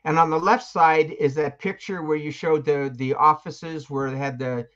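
A man's voice: on the high side, steady tone, moderate pace, fairly bright tone, highs cut off. An older man, a veteran guest, telling rambling anecdotes in casual conversation and acting out what people said. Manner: rambling anecdotes, acts out quoted voices. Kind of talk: casual storytelling.

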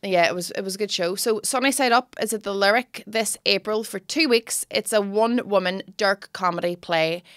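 A woman with a Northern Irish accent, a comedian co-hosting a casual podcast, telling animated stories and slipping into impressions. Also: mid-range voice, moderate pace, hardly any pauses, smooth, dry recording, clean studio sound. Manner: animated storyteller, mimics and laughs.

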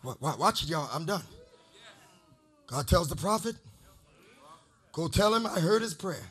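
A man's voice: fairly high pitch, expressive, a little slow, a bit bright, breathy edge. A man preaching a sermon as a bishop, chanting and half-singing his lines in a studio full of worshippers. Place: studio with congregation.

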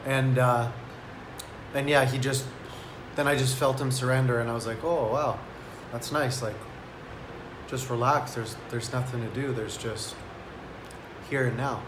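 A man's voice: medium pitch, steady tone, a little slow, echoey room, noisy background. A man telling a story in a casual vlog, laid-back and rambling, with lots of "like". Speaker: vlogger.

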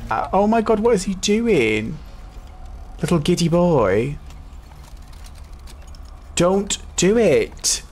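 A young woman giving let's play commentary, excitable and given to swearing, jumping between squeals and low mutters. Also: slow, long pauses, breathy edge. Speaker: gaming YouTuber. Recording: game music playing behind.

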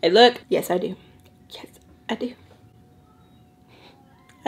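Young cali lady gossiping storytime style, mid pitch, keeps doing little voices for everyone in the story. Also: slow pace, pauses often. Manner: chatty, acts out quoted voices, drops into Spanish slang. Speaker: makeup artist and vlogger. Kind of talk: storytime chat while eating.

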